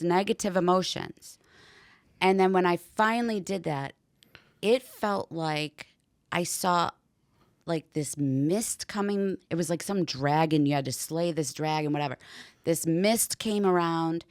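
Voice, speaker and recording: A woman with a low, grounded voice talks as a podcast guest. She tells her story in an animated, loose way, full of "like" and casual swearing. The sound is dry and close, with no room echo. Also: a little slow. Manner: animated, heavy use of "like" and swearing. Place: podcast studio.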